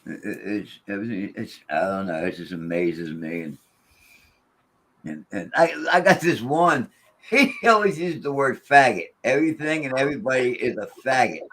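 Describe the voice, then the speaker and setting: A man's voice: medium pitch, animated, normal speed, a bit bright. A man talking casually about ghost box sessions, rambling with many restarts and quoting the voices he hears. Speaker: paranormal investigator. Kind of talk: casual chat.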